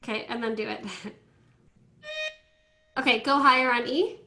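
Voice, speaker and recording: Woman violin teacher, high and bright, giving quick, directive tuning cues over a video call with faint violin notes behind. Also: steady tone, soft background music. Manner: brisk, directive coaching with light laughs. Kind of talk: online group class instruction. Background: faint violin notes from students.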